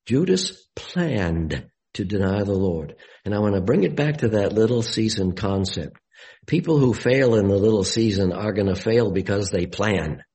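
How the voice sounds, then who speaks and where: A man giving a Bible study sermon, deliberate and explanatory, with emphatic rises on key words. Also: lowish voice, expressive, a little mellow, rough recording.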